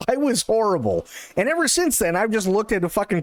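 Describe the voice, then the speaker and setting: A man's voice: high-pitched, very animated, moderate pace, dry recording. A male streamer ranting in casual, profane, sarcastic chat on a live stream.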